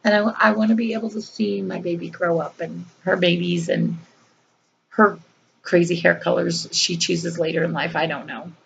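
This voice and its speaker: Gravelly-voiced woman telling a personal story. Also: on the low side, fairly even intonation, moderate pace, dull audio, a little hiss or hum. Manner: earnest, conversational, frequent fillers and repeats. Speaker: vlogger.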